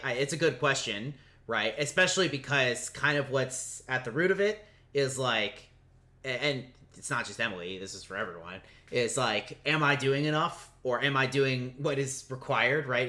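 A man who is a pastor, talking through questions of faith in a relaxed podcast chat and often checking in with "right?". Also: medium pitch. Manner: thoughtful, explaining scripture with many fillers and restarts, "right?" checks.

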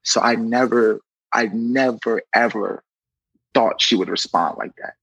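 A man's voice: fairly low pitch, a little slow, vocal fry, lo-fi sound. A young man, a correctional officer, telling a personal story casually and acting out what others said. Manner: animated, acts out quoted dialogue; conversational, frequent "you know".

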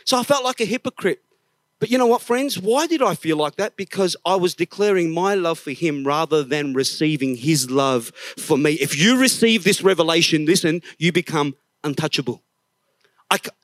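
High-voiced pastor preaching emphatically. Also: male voice, dry recording. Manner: emphatic, swings from hushed to raised, sings snatches of songs. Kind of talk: sermon. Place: church service.

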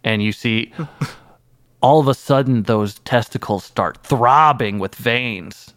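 This is a man improvising a comedy interview. He tells absurd stories with a straight, mock-earnest delivery. His pitch sits mid-range, and the dry, close sound has no room in it. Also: slow pace, a bit bright, no room sound. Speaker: guest playing an anime creator.

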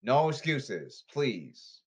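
A man hosting a solo podcast, talking in a rambling, repetitive and emphatic way with halting stop-start phrases. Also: mid-range voice, sing-song, slightly rough. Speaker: podcast host.

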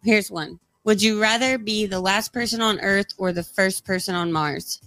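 A woman's voice: medium pitch, moderate pace, a bit bright, rough recording. Playful woman co-host, mid-range voice, light teasing banter, faint music underneath. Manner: playful, giggly, teasing questions. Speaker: radio show co-host. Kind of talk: casual morning show banter.

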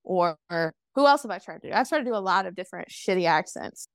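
A woman's voice: lowish voice, expressive, fast, no room sound, clean studio sound. A woman co-hosting a casual podcast chat over a call, bubbly and laughing often. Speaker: podcast co-host. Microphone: remote call mic.

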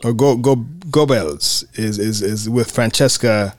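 A man's voice: lowish voice, unhurried, no echo, clean studio sound. A man co-hosting a film podcast, chatting casually and often repeating words as he gets his thoughts out. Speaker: podcast co-host.

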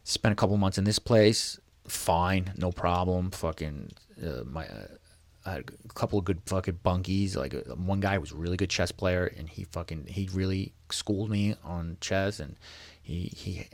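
A man's voice: low-pitched, vocal fry, dry recording. A man casually telling a story, profane and rambling, full of fillers and restarts, sometimes acting out his own past words. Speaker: storyteller recounting prison time. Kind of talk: casual first-person storytelling.

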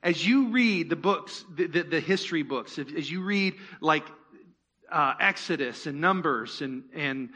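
A pastor with a bright, high-pitched voice preaches conversationally in church, his intonation lively and his pace measured. He peppers the congregation with rhetorical questions and tosses in playful asides along the way.

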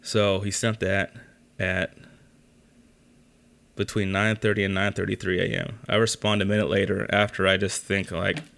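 A man's voice: low voice, little pitch movement, moderate pace, gravelly, pauses often, a bit bright. A young man hosting a podcast, telling a story in a casual rant, exasperated and full of swearing. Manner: exasperated, profane ranting. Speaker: podcast host.

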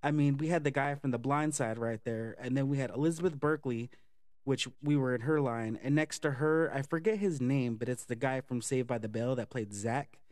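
A man telling a casual, profane story for a vlog, chatty and animated with lots of fillers. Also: mid-range voice, normal speed, no echo, studio quality. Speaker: vlogger.

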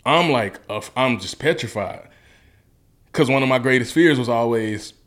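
A man's voice: mid-range voice, normal speed, a bit bright. A man from Memphis, earnestly telling a personal story as an interview guest in a casual, vivid way. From Memphis, Tennessee. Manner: earnest, colloquial, vivid retelling.

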